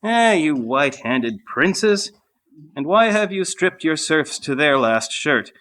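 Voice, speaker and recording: Man voicing a stern old holy fool, slow emphatic scolding, saint's life reading. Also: fairly high pitch, sing-song, bright, forceful tone, full character voice. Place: monastery refectory.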